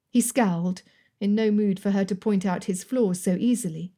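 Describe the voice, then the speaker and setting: Mellow woman narrating a romance audiobook. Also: medium pitch. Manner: measured, even storytelling. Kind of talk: scripted narration.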